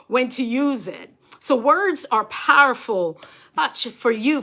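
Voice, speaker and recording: A woman's voice: on the high side, a bit bright. A middle-aged woman with a Caribbean accent, a nurse and coach chatting to her viewers on a livestream, talking while she rides an exercise bike and laughing often. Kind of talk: casual livestream chat.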